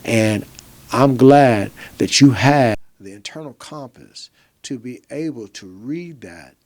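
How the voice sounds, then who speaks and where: A man's voice: medium pitch, slow, darkish tone. Affirming male host speaking of faith. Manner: affirming, often murmurs agreement, preacherly summing up. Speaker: podcast host. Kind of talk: reflective faith-based interview talk.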